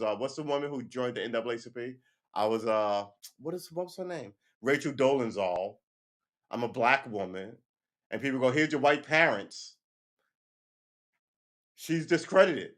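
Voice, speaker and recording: Heated, swearing man ranting on a livestream. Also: medium pitch. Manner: heated and emphatic, often swearing; keeps asking "right?" and laughs between points. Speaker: livestream host. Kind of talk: casual livestream rant.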